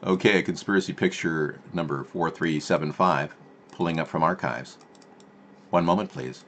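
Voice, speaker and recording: A man's voice: low-pitched, moderate pace, a bit bright, a little hiss or hum. A man hosting a political live stream from home, rambling with sarcastic asides and answering chat.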